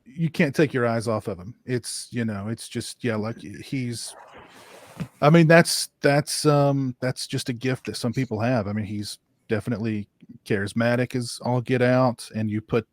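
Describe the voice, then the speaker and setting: A man's voice: mid-range voice, normal speed, no room sound, clean studio sound. A young man chatting as a podcast guest, rambling with many restarts. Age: young adult. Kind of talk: casual chat.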